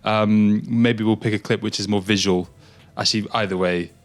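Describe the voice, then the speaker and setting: A man's voice: on the low side, steady tone, normal speed. A man co-hosting a climbing news show, easygoing and self-deprecating, often restarting his sentences. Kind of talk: casual chat.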